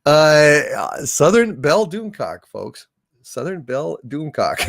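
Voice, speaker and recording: A man's voice: a little high, very animated, unhurried, gravelly, dry recording, clean studio sound. A man hosting a livestream, reading viewer comments in rambling, plain-spoken casual chat, congested from allergies. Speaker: livestream host.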